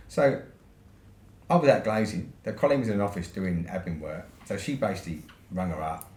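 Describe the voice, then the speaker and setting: A man's voice: medium pitch, gravelly, a little mellow. A man from the UK with a British accent, a podcast guest telling a long story in a casual way, swearing freely and ending points with "right?". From United Kingdom. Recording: roomy echo with faint noise.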